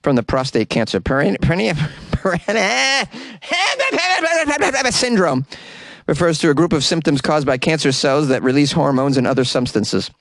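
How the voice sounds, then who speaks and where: A man's voice: medium pitch, fairly quick, dry recording. A man hosting a comedy news podcast, reading with wry asides and stumbling over hard words. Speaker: podcast host. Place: closet.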